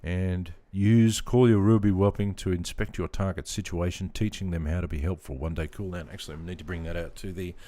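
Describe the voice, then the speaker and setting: A man streaming a game live, chatting with viewers, laughing often and reacting out loud. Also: sits low, fairly even intonation, a little fast, hardly any pauses. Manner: laughs often, chats to viewers while playing. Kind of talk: casual live-stream chat. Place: home room.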